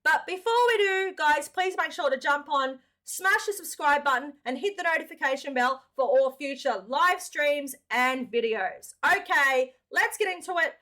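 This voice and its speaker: A woman's voice: high voice, normal speed, few pauses, sharp tone. An Australian woman hosting a reaction video, chatting upbeat and casually, calling the viewers mate.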